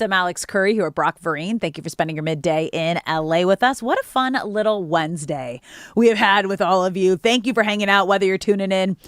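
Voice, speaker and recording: A woman's voice: medium pitch, fairly quick, dry recording. A woman co-hosting a sports talk radio show, upbeat and polished at a studio microphone.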